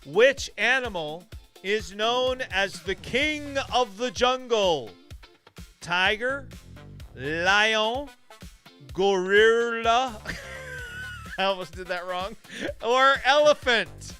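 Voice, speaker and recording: Male live-stream host, bright, high, laughing, trivia reader. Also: huge pitch swings, soft background music. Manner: upbeat, laughing, drawn-out question reading. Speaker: show host.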